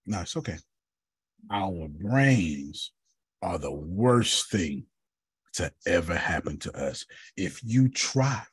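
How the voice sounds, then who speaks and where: A man with a low, husky voice leads a group session over a video call. He teaches bluntly and jokes as he calls on people by name. The sound is close and dry. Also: no echo. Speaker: teacher and coach.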